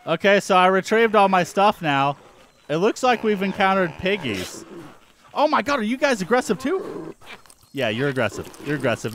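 A man hosting a let's-play, giving excitable, jumpy commentary and yelping at surprises. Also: sits high, a little hiss or hum. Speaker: gaming channel host.

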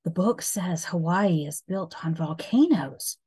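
A woman voicing George, a playful, eager schoolboy, in a lively read-aloud voice. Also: on the low side, measured pace, breathy edge.

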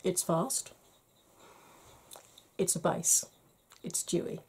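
A woman's voice: fairly low pitch, slow, heavy background noise. A middle-aged woman chatting frankly to camera in a makeup review, slipping into a half-whisper while she blends and cracking dry jokes. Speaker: beauty vlogger.

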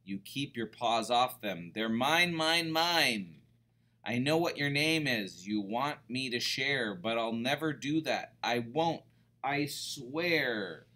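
A man voicing a greedy, selfish male pug dog in a picture-book reading, grumbling and shouting possessively. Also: mid-range voice, expressive, slow, exaggerated voice. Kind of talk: picture book read-aloud.

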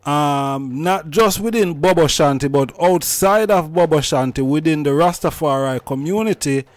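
A man asking long, halting questions, full of "um"s and restarts. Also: a little high, dry recording. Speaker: interviewer, host. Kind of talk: interview questions.

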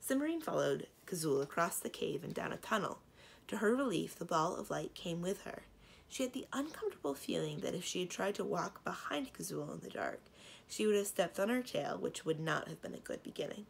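A woman librarian reading a children's book aloud with expressive storytelling. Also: fairly low pitch, fairly quick, gravelly, slightly rough.

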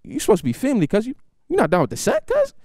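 A man's voice: sits high, huge pitch swings, rapid-fire, a little mellow, no room sound, clean studio sound, voice pushed up. A man playing his boisterous, menacing gang-member uncle who talks in street slang.

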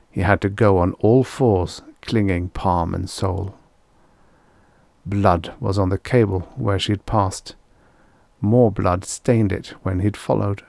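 A man with a lowish voice reads a vintage science fiction story aloud in a measured storytelling manner. The recording is dry and close, with no room sound. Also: creaky, a little mellow, dry recording. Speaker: audiobook narrator.

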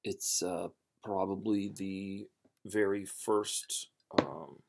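A man hosting a storytelling channel, chatting casually before a reading, rambling and halting with many fillers and restarts. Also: deep voice, fairly even intonation, gravelly.

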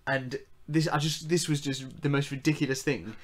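A young man co-hosting a podcast, chatting casually and laughing as he breaks into quick character impressions. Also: mid-range voice, fairly even intonation, noisy background. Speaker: podcast co-host. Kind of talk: casual chat.

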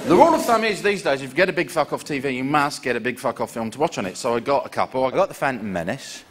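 A man's voice: mid-range voice, fast. A middle-aged man doing a sardonic stand-up comedy routine. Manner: sardonic, animated storytelling. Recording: live show with loud background noise.

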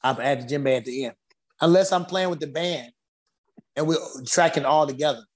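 A man guest on an interview podcast, telling stories with animated energy, acting out dialogue and laughing often. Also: a little high, moderate pace. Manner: acts out dialogue and vocalizes drum rhythms. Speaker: guest musician. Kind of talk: animated storytelling.

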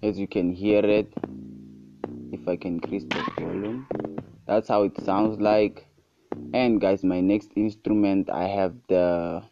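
A man narrating a casual music production tutorial, relaxed and easygoing, often calling out to his viewers and praising each sound. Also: deep voice, no echo, highs cut off. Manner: relaxed, repeats "guys" and "super cool".

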